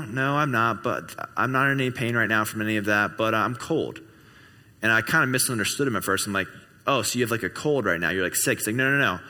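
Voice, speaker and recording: A young man speaking at a church service, telling a personal story in an animated way and acting out the dialogue. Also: mid-range voice. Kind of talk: sermon storytelling. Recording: hall with long reverb.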